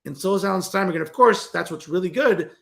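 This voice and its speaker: A male political commentator who hosts his own show and delivers a combative, sarcastic rant straight at his targets. His voice sits fairly high for a man, and he keeps turning to the audience with "folks.". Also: fast, vocal fry, fairly bright tone. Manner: repeatedly addresses listeners as folks. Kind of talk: opinionated political commentary monologue.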